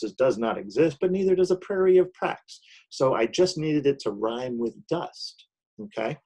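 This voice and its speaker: A man of middle pitch teaches a recorded online lesson while sharing his screen. He explains step by step, stopping often with an "okay?" and filling gaps with "um". He talks into a computer microphone. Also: a little mellow. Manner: explanatory, many "okay?" check-ins and "um" fillers.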